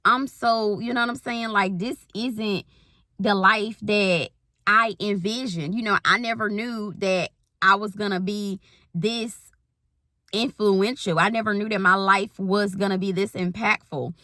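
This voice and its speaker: Bright-voiced Southern woman coach. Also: medium pitch, steady tone, measured pace, dry recording, studio quality. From Southern US countryside. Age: 30s. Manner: folksy Southern slang, rambling asides. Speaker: spiritual life coach. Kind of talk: casual spiritual pep talk.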